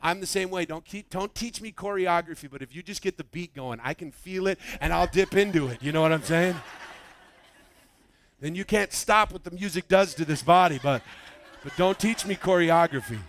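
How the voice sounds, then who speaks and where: A man preaching a sermon, telling a story with lively acted-out quotes. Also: sits high, moderate pace, slight background noise. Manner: animated storytelling, acts out quoted voices. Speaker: pastor.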